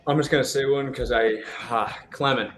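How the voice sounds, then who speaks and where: A man's voice: medium pitch, steady tone, moderate pace, noisy background. Guy on a trivia show, kinda hesitant, pokes fun at himself. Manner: self-deprecating, hesitant when unsure. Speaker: quiz contestant. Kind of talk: casual chat.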